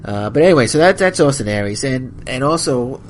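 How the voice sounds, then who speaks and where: A man's voice: medium pitch, animated, a little fast, slight background noise. Angry rambling male podcast host. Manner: angry, rambling, apologetic, many restarts. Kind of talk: solo wrestling podcast rant.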